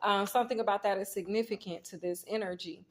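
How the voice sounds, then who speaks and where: A woman with a medium-pitched, steady, fast voice gives viewers a casual tarot reading. She rambles through the story in a relaxed, chatty way, speaking directly to the audience and retelling scenes by quoting herself.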